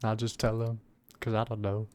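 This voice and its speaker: A man's voice: on the low side, monotone, normal speed, crowd noise. A man playing a tabletop game over an online call, joking and rambling with restarts. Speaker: player. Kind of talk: casual game chat.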